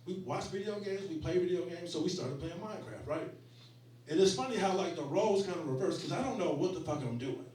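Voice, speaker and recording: A man in his forties works through a stand-up set, his voice sitting high and his storytelling loose and full of profanity. The club sound is heavily roomy, and the mic is picking him up from some distance. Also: animated, fast, darkish tone, slight background noise. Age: 40s. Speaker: stand-up comedian. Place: small comedy venue.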